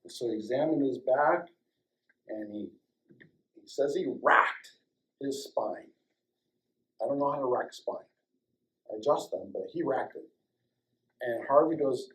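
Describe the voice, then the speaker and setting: An older man recounts a personal story in an animated way. He acts out the dialogue in raised voices and drops to a near-whisper at the tender moments. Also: mid-range voice, a little slow, long pauses, rough recording. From Colorado, United States. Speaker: chiropractor and guest speaker. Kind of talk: storytelling talk to a small audience.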